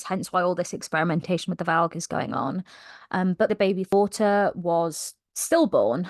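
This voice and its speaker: A young woman retells a novel's plot in a casual, animated vlog. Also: on the low side, dry recording, clean studio sound. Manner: animated, gushing storyteller. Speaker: book vlogger. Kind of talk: casual book recap vlog.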